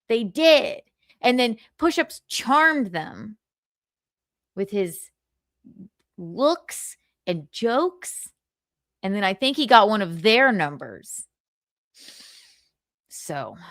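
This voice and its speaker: A woman livestream host telling a sassy, animated story in casual chat, laughing often. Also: mid-range voice, no echo, clean studio sound.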